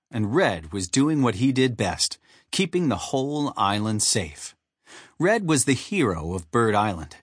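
Animated, husky male audiobook narrator. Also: medium pitch, no echo, clean studio sound. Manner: animated, storytelling. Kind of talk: scripted narration.

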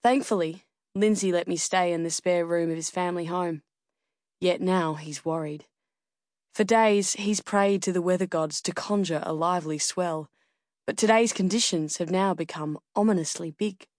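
Low-voiced woman audiobook narrator. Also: dry recording, studio quality. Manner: measured, steady reading. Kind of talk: scripted first-person narration.

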